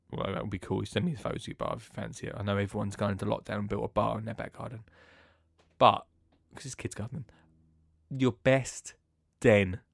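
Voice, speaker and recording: A man hosting a podcast in a rambling, chatty way, swinging between loud bursts and hushed asides. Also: medium pitch, gravelly, no echo, clean studio sound. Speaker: podcast host. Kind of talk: casual chat.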